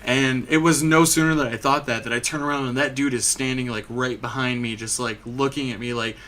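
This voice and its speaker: Rambling young man, bright voice. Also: medium pitch, steady tone, a little fast. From Michigan. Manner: rambling storyteller, heavy filler "like", frequent swearing. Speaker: podcast host. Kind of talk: casual chat.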